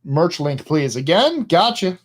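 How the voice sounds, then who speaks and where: A man's voice: a little high, big pitch swings, unhurried, breathy edge. A man co-hosting a casual live stream, joking and teasing his partner in loose banter. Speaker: co-host.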